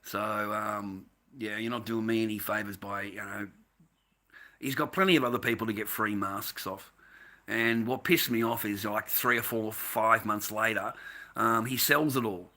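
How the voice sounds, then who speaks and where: Sweary Australian man, bright voice. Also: lowish voice, unhurried. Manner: profane, rambling, laughs often. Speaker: mask maker and live streamer. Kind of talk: casual live-stream rant. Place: at home.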